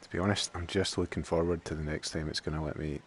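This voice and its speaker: A man's voice: very deep voice, fairly even intonation, quick pace, a little hiss or hum. A man streaming a game, thinking aloud and joking as he plays. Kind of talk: casual let's play commentary.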